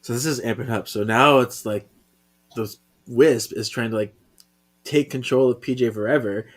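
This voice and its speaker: A man co-hosting a podcast in casual chat, earnest and emotive, his sentences often trailing off softly. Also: mid-range voice, moderate pace. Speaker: podcast co-host. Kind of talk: casual chat, reading a comic aloud.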